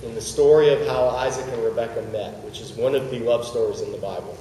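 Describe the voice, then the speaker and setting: A man leads a relaxed Bible study, talking in a conversational way with jokey asides and questions put to his listeners. His voice is mellow and low in brightness. It was picked up from a distance in a big room with a long, roomy echo. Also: fast, slight background noise. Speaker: Bible teacher. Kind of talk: casual Bible study teaching.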